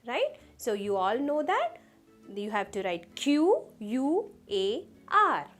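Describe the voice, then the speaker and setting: A woman teaches young children their letters. Her voice sits high and swings up and down, and she sounds out each letter slowly and carefully, with soft music faintly behind her. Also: wildly swooping pitch. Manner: slow and deliberate, sounding out letters, asking the children questions. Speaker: kindergarten teacher. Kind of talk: phonics lesson for young children.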